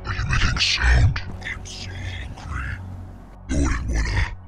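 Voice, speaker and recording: A man's voice: rumbling low, fairly even intonation, a little slow, creaky, a bit bright, soft background music, exaggerated voice. A man voicing a hungry male monster that taunts its prey in mock-polite, sing-song threats. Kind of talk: in-character voice chat while gaming.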